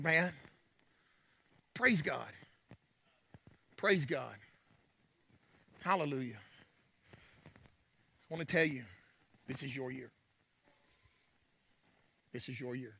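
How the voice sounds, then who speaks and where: Bright high-voiced preacher, drawl. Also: male voice, no echo. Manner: swings from soft murmurs to shouted peaks, call-and-response. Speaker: pastor. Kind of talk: sermon.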